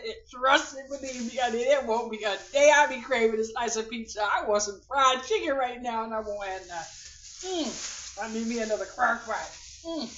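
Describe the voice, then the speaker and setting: A woman's voice: on the high side, moderate pace. A woman vlogger chatting casually and exuberantly at home in her kitchen, humming, laughing and calling out to her viewers. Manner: exuberant, hums and laughs, folksy Southern-style talk. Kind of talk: casual grocery haul vlog. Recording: roomy, distant, dull lo-fi with noise.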